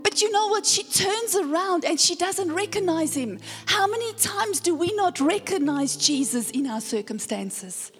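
A woman pastor delivering a sermon in a high, bright register, taking her time over each phrase. She retells the story dramatically and keeps turning to the congregation for a response. Her voice rings through a long church reverb with faint music underneath. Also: lively intonation, a little slow, hardly any pauses. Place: church sanctuary.

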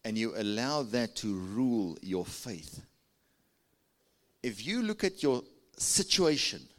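Taking it slowly, a male pastor with a South African accent preaches with big pitch swings and a slightly bright tone. He keeps urging his church to answer and put their hands up.

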